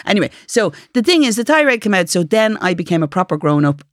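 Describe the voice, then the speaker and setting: A chatty Irish woman with a middle-range pitch. She talks wryly and laughs easily. Her voice sounds dry and close, with no room around it. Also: sing-song, fast, no room sound. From Ireland. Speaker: podcast co-host. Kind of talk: casual chat.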